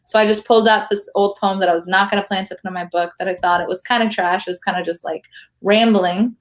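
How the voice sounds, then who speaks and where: A woman's voice: mid-range voice, fairly even intonation, fast talker. A woman poet and professor chatting casually as a guest in an interview, using slang and lots of fillers.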